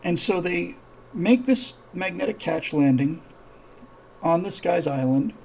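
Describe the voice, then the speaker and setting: Gravelly-voiced man spinning a rambling story. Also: sits high, lively intonation, unhurried, a little mellow, a little hiss or hum, rough recording. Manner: rambling, many restarts, acts out dialogue. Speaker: show host. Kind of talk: live-streamed casual storytelling.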